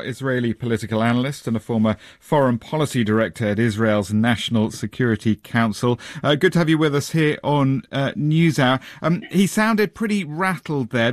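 A man presenting broadcast news and interviewing a guest with measured, probing questions. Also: medium pitch, no room sound, clean studio sound.

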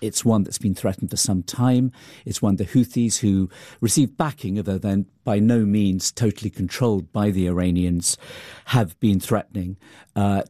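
A man reporting the news as a correspondent, steady and informative. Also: on the low side, no room sound, clean studio sound. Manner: steady, informative, occasional fillers.

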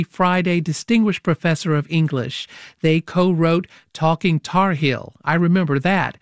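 A woman's voice: on the low side, dry recording. A woman hosting a public radio interview show in a studio, teasing her guests in a playful way.

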